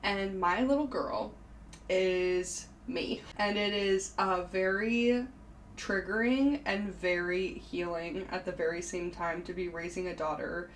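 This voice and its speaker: A woman's voice: lowish voice, fairly even intonation, takes it slowly, a little hiss or hum, poor audio. Chatty woman hosting a podcast. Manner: candid, chatty, with frequent fillers. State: briefly tearful. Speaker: podcast host. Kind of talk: casual solo podcast chat.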